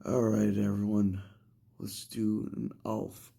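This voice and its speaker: A tearful man pours out an impassioned, heated vlog monologue. His voice sits fairly high and rough with fry. He takes his time over every phrase. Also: animated, takes it slowly. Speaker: vlogger.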